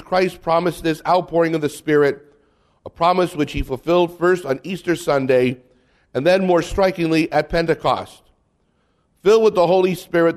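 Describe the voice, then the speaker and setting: A man, a Catholic priest, teaching about confirmation in a humorous, conversational way and reading aloud from the catechism. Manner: humorous, mimics bishops and kids, drops voice low for asides.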